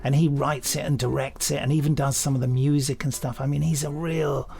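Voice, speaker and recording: A man's voice: mid-range voice, little pitch movement, a little fast, vocal fry, a little mellow. An English man co-hosting a podcast in casual chat, gushing and laughing often. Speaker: podcast co-host.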